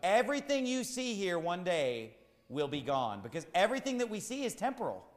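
A man preaching a sermon as pastor, repeating his points with rising, shouted emphasis. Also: sits high, wildly swooping pitch, brisk, echoey room, long reverb tail.

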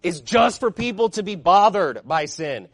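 A man's voice: high-pitched, lively intonation, normal speed. A man preaching a sermon as pastor, emphatic and fiery, firing off rhetorical questions.

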